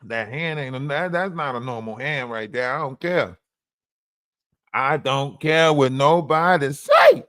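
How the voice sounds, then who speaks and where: Slow, taunting livestream host. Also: male voice, mid-range voice, pushed and bright, no room sound, clean studio sound. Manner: taunting, repetitive, profane, keeps asking "huh?". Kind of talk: profane live-stream rant.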